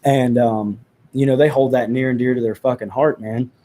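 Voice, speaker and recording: A man talking as a guest in a live podcast chat, halting and swearing as he restarts. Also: mid-range voice, fairly even intonation, mellow. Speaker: guest commentator.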